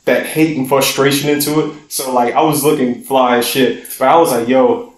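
A young man co-hosting a podcast, telling a long profane story in a loose, animated way. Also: medium pitch, normal speed, reverberant. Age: young adult. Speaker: podcast co-host. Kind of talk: casual storytelling chat.

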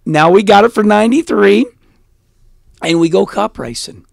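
A middle-aged man as an interview guest, telling stories in a blunt, animated way and laughing often. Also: high-pitched, normal speed, gravelly, no echo, studio quality. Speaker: interview guest, former race car driver. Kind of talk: casual storytelling interview.

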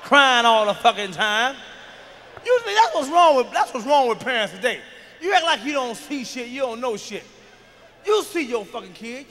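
Male stand-up comic, very high and bright, cursing and shouting; live hall echo, faint noise. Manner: profane, shouting, fired-up storytelling. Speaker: stand-up comedian. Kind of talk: stand-up comedy routine.

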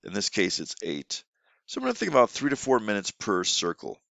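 Low voiced guy teaching english online, bouncy delivery, keeps restarting his sentences. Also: huge pitch swings, fairly quick, vocal fry, a bit bright, no room sound. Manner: casual explanatory talk with frequent restarts. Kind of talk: instructional teaching tips video.

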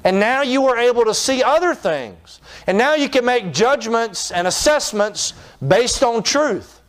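A man's voice: extremely high pitch, expressive, a little slow. A man preaching a sermon, retelling scripture in folksy terms and putting on voices for its people. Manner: folksy storytelling, acting out the people in his stories. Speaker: pastor.

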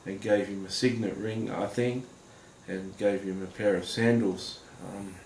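Man, lowish voice, earnest halting testimony to camera, roomy echo. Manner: halting and earnest, many pauses and fillers. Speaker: Christian testimony speaker. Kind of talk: personal testimony addressed to viewers. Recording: roomy echo with faint background noise.

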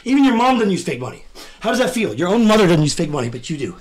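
A man's voice: high voice, big pitch swings, racing. A man livestreaming, trading brash, profane taunts and repeating his jabs. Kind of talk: heated livestream argument.

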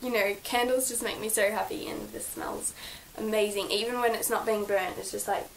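A woman's voice: medium pitch, fairly even intonation, a little fast, a little hiss or hum, rough recording. A young woman vlogging from her bedroom, gushing and chatty with lots of fillers as she shows her birthday gifts. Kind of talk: casual birthday haul vlog.

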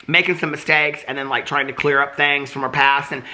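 Reality-TV vlogger, a man, bright voice, chatty and theatrical. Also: fairly high pitch, flat delivery, fairly quick. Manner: chatty, dramatic, full of "like" and "okay". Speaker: TV commentary vlogger. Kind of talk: casual gossipy chat to camera.

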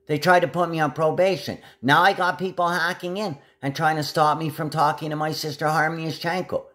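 A man's voice: fairly high pitch, fairly even intonation, brisk, a bit bright. A man delivering a rambling, agitated monologue to camera, jumping from one topic to the next.

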